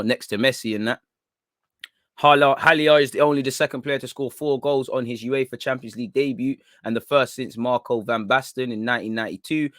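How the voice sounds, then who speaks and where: A man's voice: medium pitch, fairly bright tone, no echo. A young man chats casually with his livestream audience. He teases viewers in street slang and laughs easily. His mid-range voice sounds dry and close, with no room around it. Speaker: football channel host.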